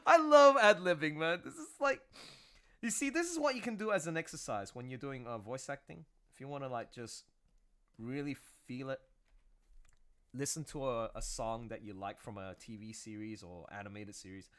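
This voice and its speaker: A man's voice: mid-range voice, moderate pace, bright, forceful tone. A man chatting casually on a livestream, playful and rambling, laughing easily. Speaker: streaming artist. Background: music.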